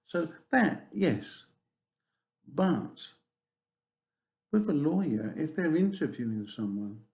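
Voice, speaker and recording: A man's voice: mid-range voice, warm tone. A man teaching a recorded course lecture, explaining in a teacherly way with hesitant restarts. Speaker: TEFL course tutor.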